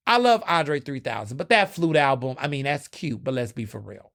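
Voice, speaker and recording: A young man with a fairly high voice talks through his own podcast in a loose, chatty solo style. He turns dramatic and jumps up in pitch when he gets excited. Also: a little fast, few pauses. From United States. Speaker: podcast host. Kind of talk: casual solo commentary.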